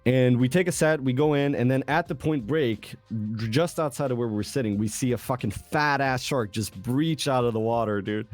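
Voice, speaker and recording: A man's voice: mid-range voice, normal speed, soft background music. A young man from Sweden, telling a story in loose, profane casual chat as a podcast guest.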